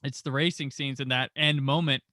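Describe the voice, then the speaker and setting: Man, 40s, podcast host, casual movie chat, animated storyteller, bright voice, dry close sound. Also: mid-range voice, normal speed, no room sound.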